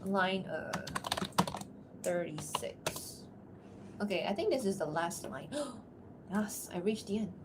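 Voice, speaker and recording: A woman's voice: medium pitch, animated, slow, pauses often, background noise. Chatty woman streamer who laughs often. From outside America. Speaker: streamer and voice actor. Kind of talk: casual livestream chat.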